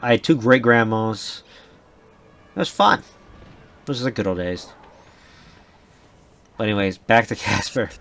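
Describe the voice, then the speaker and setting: A young man in casual podcast chat, wandering from tangent to tangent and cursing freely along the way. His pitch is middle-range but very lively, rising and dipping as he talks. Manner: rambling, sidetracked storytelling with frequent restarts and swearing. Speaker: podcast co-host.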